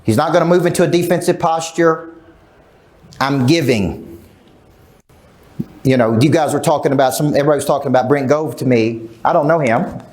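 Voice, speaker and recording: A man's voice: on the high side, fairly quick, long pauses, a little mellow. Emphatic middle-aged male sales coach. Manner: emphatic, asks the crowd questions, acts out quotes. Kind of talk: live seminar talk to an audience. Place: large event room.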